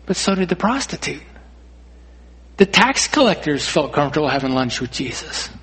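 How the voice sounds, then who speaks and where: A man with a high voice and a husky edge delivers a sermon in a church, speaking from the pulpit to his congregation. He talks earnestly, stumbles into repeated words, and builds toward emphatic calls. He asks the listeners questions and leaves pauses for them. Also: sing-song, fairly bright tone. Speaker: pastor.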